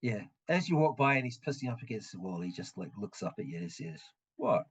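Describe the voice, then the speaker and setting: A man narrating a tabletop game as game master, halting and full of restarts. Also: medium pitch, expressive, breathy edge.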